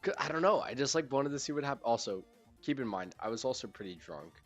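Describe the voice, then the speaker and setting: A man's voice: mid-range voice, lively intonation, fast, soft background music. A young man hosting a casual podcast, talking in a rambling, laid-back way with lots of fillers. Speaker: podcast host. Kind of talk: casual chat.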